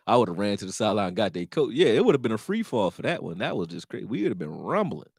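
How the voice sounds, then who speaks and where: A man talking casually on a sports live stream, profane and animated, answering his chat. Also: fairly low pitch, quick pace, gravelly, breathy edge, no echo, clean studio sound.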